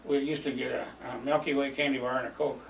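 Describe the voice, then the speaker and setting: Gravelly older man reminiscing, chuckling. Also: medium pitch, level tone, fast, a little hiss or hum. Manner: rambling, chuckling, lots of fillers. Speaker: storyteller. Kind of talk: reminiscing oral history. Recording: roomy, distant mic, faint ambience.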